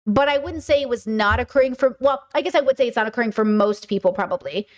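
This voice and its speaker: A blunt woman streamer with a slightly high voice gives casual, opinionated commentary. She talks emphatically and keeps repeating her point until it lands. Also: fast talker. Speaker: streamer and host.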